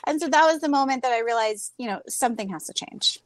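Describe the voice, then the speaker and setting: A woman in her thirties, a guest speaker, telling a personal story in a candid, animated way and speaking over a video call. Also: fairly high pitch, fast talker, a little hiss or hum. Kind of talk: personal story in a group talk.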